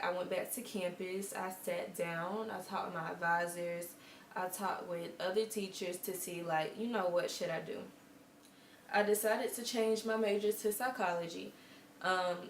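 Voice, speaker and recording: Chatty young woman in an echoey room. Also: mid-range voice. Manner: chatty and earnest, with quoted asides. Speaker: vlogger. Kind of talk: casual storytelling to camera. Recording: echoey room with faint background hum.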